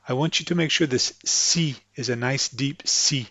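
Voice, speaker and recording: A man teaching French pronunciation to English speakers, patiently explaining tongue placement and slowly repeating example words. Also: medium pitch, fairly bright tone, no echo, muffled recording. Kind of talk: instructional explanation with spoken examples.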